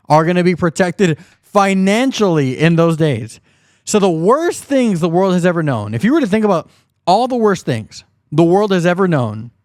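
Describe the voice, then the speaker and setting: A man hosting his own commentary video, voice a touch high, picking apart a preacher's claims. He sounds indignant and mocking. The sound is close and completely dry. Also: no echo. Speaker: host of a commentary channel.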